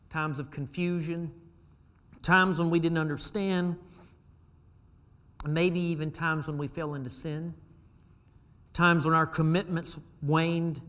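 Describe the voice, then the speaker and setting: A man preaching a sermon as pastor of his church, moving from quiet asides to shouted pleas. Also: on the high side, steady tone, takes it slowly, pauses often. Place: church sanctuary.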